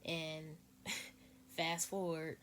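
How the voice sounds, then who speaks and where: A woman with a lowish voice tells a personal story in a casual vlog. She talks softly and hesitantly, holding back emotion. There is a faint hiss of noise behind her at home. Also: flat delivery, very slow. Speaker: vlogger.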